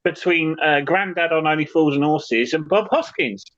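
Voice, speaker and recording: A man's voice: a little high, normal speed, lo-fi sound, a crowd in the background. A man co-hosting a podcast, chatting playfully in a casual way. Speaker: podcast co-host. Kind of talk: casual chat.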